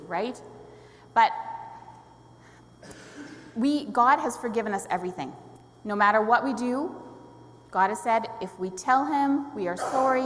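A woman leading a children's story in a church service, friendly and asking questions, laughing often. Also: a little high. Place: church sanctuary. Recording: long hall reverb, faint room noise.

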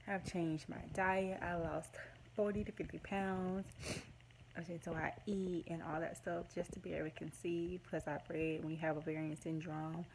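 A woman's voice: low-pitched, creaky, darkish tone, a little hiss or hum, low-quality recording. A woman in her late twenties talking to her phone camera at home, emotional and rambling as she gushes to her viewers. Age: late 20s. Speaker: vlogger. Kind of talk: casual to-camera vlog.

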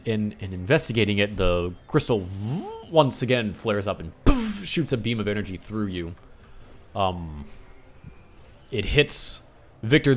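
A man's voice: fairly low pitch, fairly bright tone. A man running a tabletop game as game master, narrating scenes with spoken sound effects over an online voice chat mic.

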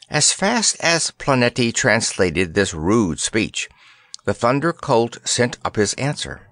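A man narrating a children's fantasy audiobook in an expressive, storybook manner. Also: mid-range voice, no room sound, clean studio sound. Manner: expressive, unhurried reading.

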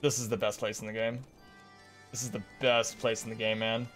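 A man giving casual, profane commentary while playing a game, excitable and laughing often. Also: fairly low pitch, brisk, faint music behind. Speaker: streamer reacting to a game.

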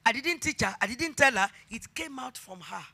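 A middle-aged woman pastor with a Nigerian accent preaching a sermon, emphatic and repeating her phrases as she builds to shouted exhortation. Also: fairly high pitch, animated, normal speed, gravelly, breathy edge.

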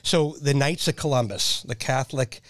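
A man in his fifties telling animated stories in casual conversation, laughing often and acting out the voices of people he quotes. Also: medium pitch, moderate pace, dry recording, clean studio sound. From Nebraska. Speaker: podcast guest, military veteran. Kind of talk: casual storytelling.

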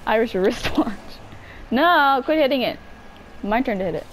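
A woman's voice: fairly high pitch, animated, normal speed, slight background noise, poor audio. A woman chatting casually while playing a video game, giggly, playful and teasing. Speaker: gameplay co-player. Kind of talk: casual chat while gaming.

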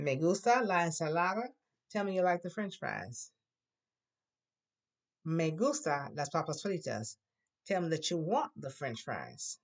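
Classroom teacher, patient drill voice, models words loudly for repetition. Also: mid-range voice. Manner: patient, coaxing prompts. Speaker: Spanish teacher.

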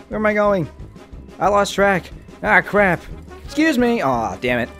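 A fairly high-voiced man gives lively, bouncing game commentary, chanting little sing-song sounds and yelping when something jumps out. Faint game music plays under his voice. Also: a little fast. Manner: excitable, sing-song chanting and sudden yelps. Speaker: gaming channel host. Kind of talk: casual let's play commentary.

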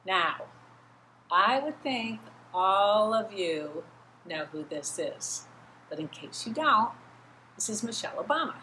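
A woman giving a children's sermon, telling a Bible story in an animated way and acting out the voices of the people in it. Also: mid-range voice, slow, slight background noise, poor audio. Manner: animated, acts out quoted voices, talks straight to kids. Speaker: children's message leader.

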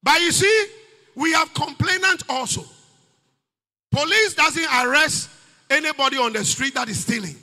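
A Ghanaian pastor preaching a sermon in a church, often shouting his points with rising emphasis. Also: extremely high pitch, normal speed, long pauses, in a large hall.

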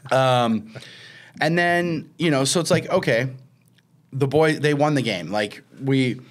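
A man's voice: mid-range voice, slow pace, a little hiss or hum. A man, co-hosting a podcast and telling a story in casual chat, acting out quotes with a raised voice. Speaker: podcast co-host.

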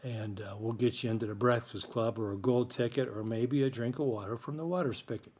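A man's voice: mid-range voice, a little fast, a little mellow, husky. A man hosting a school morning show, giving casual announcements in a chatty, joking way. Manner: chatty, playful, joking with listeners.

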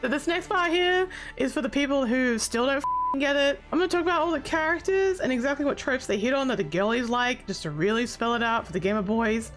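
A woman talking through a casual commentary video essay, brash and sarcastic, who swears freely and bursts into loud exasperated outbursts. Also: sits high, animated, a little fast, few pauses, soft background music.

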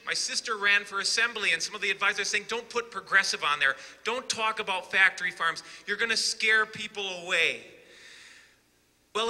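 A man giving an impassioned political rally speech, rising to shouted emphasis with sarcastic asides. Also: high-pitched. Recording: long reverb of a large hall.

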